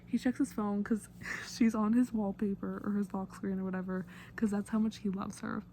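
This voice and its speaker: A woman's voice: mid-range voice, flat delivery, moderate pace, mellow, a little hiss or hum. A woman vlogger talking casually through a song breakdown, chatty and gushing like an eager fan, with many fillers. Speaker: music vlogger.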